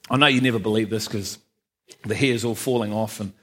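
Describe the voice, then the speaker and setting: A man's voice: fairly low pitch, steady tone, a little fast, a bit bright. A man giving a personal church testimony, frank and self-mocking, often laughing at himself. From England. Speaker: testimony speaker.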